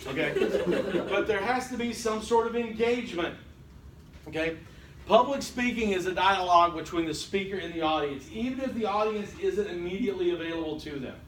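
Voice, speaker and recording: Recorded at a distance in an echoey classroom, a man teaches a college lecture with wry jokes for his students. His high-pitched voice is a bit bright at a moderate pace, with slight background noise.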